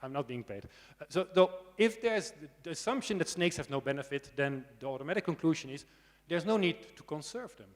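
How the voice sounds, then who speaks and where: A man's voice: fairly high pitch, animated, fairly quick. A man giving a conversational lecture on snakes to students, often checking in with the audience through tag questions and dry asides. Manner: dry humor. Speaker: snake expert giving a conference talk. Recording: long hall reverb.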